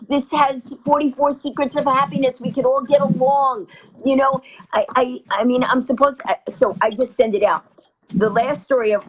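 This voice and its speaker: A woman from New York telling stories as an interview guest, quickly acting out every quoted line. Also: sits high, breathy edge, poor audio. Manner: rapid anecdotal storytelling, acting out quotes. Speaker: interview guest, comedienne and author. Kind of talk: animated storytelling.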